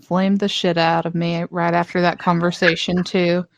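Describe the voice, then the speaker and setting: A woman's voice: on the low side, flat delivery, normal speed, gravelly, no room sound. A woman from North Carolina with a country twang, co-hosting a podcast, chatting casually with lots of exclamations and giggles and casual swearing. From North Carolina, USA. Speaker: podcast co-host.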